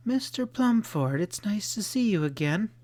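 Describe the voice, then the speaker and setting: A man voicing a cool-headed, determined young woman in an audiobook, raising his voice higher for her. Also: normal speed, natural voice. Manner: raised pitch for a young woman.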